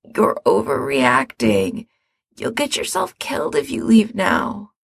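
A woman voicing a hoarse, frightened sick young man. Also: mid-range voice, wildly swooping pitch, slow, no echo, heavily acted. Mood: pleading. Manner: pleading, strained and shaky.

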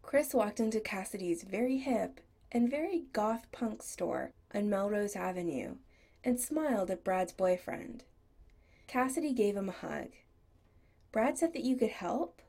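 A woman's voice: mid-range voice, lively intonation, a little slow, vocal fry, mellow. A woman narrating a story as an audiobook reader, giving each character a voice. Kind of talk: audiobook reading.

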